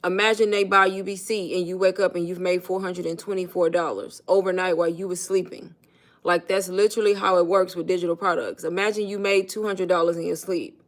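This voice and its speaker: A woman's voice: fairly low pitch, flat delivery, brisk. A woman chatting casually on a phone livestream, coaching her viewers and calling them "y'all" in loose, informal speech. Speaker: online business coach.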